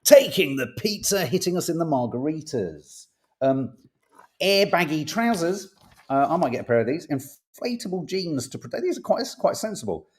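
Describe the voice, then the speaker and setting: A man's voice: a little high, big pitch swings, normal speed. A man hosting a casual podcast, reading tabloid stories aloud with playful emphasis and jokey asides, swearing now and then.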